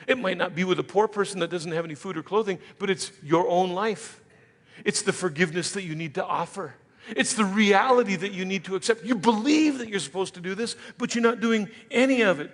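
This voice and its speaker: Man, pastor, sermon, high voice, conversational preaching, long church reverb. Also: a bit bright. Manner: conversational preaching, acting out imagined listeners in quick asides. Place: church sanctuary.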